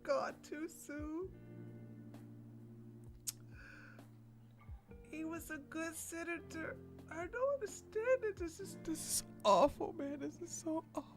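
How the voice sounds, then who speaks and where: A woman putting on a theatrical fake-sobbing voice, hushed and whimpering in mock sorrow. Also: extremely high pitch, moderate pace, music in the background, voice pushed up. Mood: mock grief.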